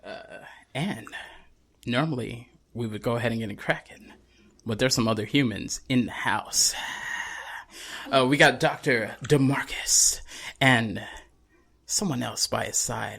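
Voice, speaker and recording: A man's voice: medium pitch, a little slow, vocal fry, a bit bright, slightly rough. A man with a Texan accent hosting a casual podcast, laid-back and jokey, often laughing. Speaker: podcast host. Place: room with several people.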